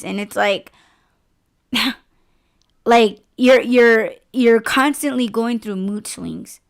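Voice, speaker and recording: A woman hosting a podcast, talking in a rambling, profane, animated way in casual chat. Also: on the high side, drawn-out words, vocal fry, pauses often, clear, resonant tone. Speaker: podcast host.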